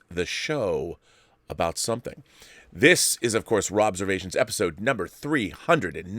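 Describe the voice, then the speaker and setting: A middle-aged man hosts his own livestream, talking casually with playful, grandiose flourishes and rambling tangents. His voice sits low, and the sound is dry and close to the mic. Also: big pitch swings, fairly quick, fairly bright tone, dry recording. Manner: playful, grandiose self-introductions, rambling asides. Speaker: show host. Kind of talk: casual solo livestream chat.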